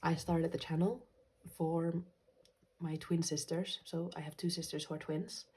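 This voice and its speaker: A woman from Finland hosting a journaling vlog, talking softly and gently in a casual way and dropping into quiet whispers. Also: sits low, steady tone, measured pace, husky. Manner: soft-spoken, gentle, slips into quiet whispers. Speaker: journaling channel host.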